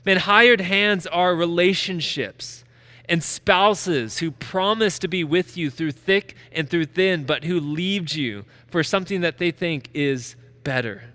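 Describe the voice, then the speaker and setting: A male pastor delivering a sermon in a bright, ringing voice pitched a little above the usual. He talks with emphasis and drives his points home by repeating key phrases. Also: slow pace.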